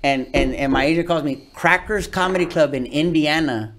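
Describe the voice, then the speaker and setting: A man's voice: a little high, normal speed, noisy background. A man from California with a Chicano accent, a comedian guest telling stories in casual, slangy, profane podcast talk. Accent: Chicano English. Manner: streetwise slangy storytelling, swears a lot, acts out voices. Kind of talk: casual podcast interview storytelling.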